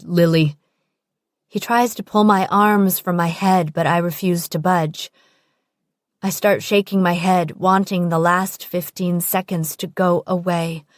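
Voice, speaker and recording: A woman's voice: fairly low pitch, no echo. Woman narrating intimately, dry close mic. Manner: intimate, present-tense storytelling. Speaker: audiobook narrator. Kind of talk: scripted first-person narration.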